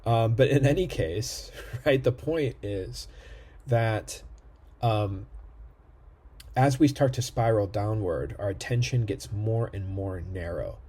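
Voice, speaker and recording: Man lecturing to camera, dark slightly husky tone, lots of "right?" check-ins. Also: lowish voice, slow pace. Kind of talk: recorded online lecture. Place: indoor room near a street.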